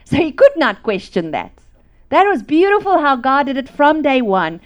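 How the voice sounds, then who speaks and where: A middle-aged woman from South Africa preaching a testimony sermon, animated and laughing, swinging from loud to hushed. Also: high voice, normal speed, muffled recording.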